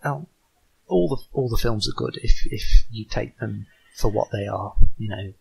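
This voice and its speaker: A man with a low, gravelly voice and a husky, rough edge. He talks about his board game in a loose, halting way, often starting over. The tone is that of a casual interview. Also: darkish tone, poor audio. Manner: halting, many restarts and ums. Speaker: board game designer guest.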